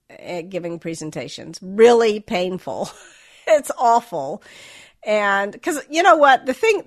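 A woman's voice: mid-range voice, a bit bright. A middle-aged woman raised in the American South, her Southern accent long gone, answers interview questions candidly. She circles back on herself, restarts phrases and pokes fun at herself. Her voice sits in an ordinary middle register. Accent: General American, Southern accent dropped. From Southern United States. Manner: reflective, self-deprecating, restarts often. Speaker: author and guest.

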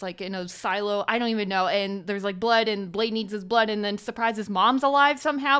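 A woman's voice: mid-range voice, a bit bright, clear, resonant tone. A woman co-hosting a podcast, rambling through a casual, profane movie recap and quoting characters in her own voice. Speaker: podcast co-host.

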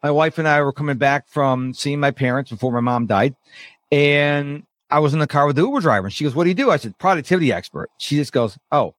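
A middle-aged man who coaches people on overwhelm, talking casually as a podcast guest and acting out quotes in lively voices. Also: on the high side, a little fast, dry recording, clean studio sound. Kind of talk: casual interview talk.

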